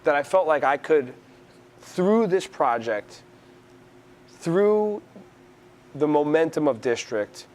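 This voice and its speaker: A man's voice: fairly high pitch, slow pace, long pauses. A man from New York City talking in a conversational interview, rambling with frequent restarts. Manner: rambling, restarts often, animated storyteller.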